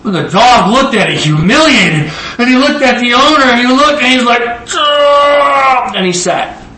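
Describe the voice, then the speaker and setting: A man in his forties preaching a sermon in a conversational, animated way, often asking his listeners questions. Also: very high-pitched, a little fast, slight background noise. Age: 40s. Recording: roomy echo, voice from far off.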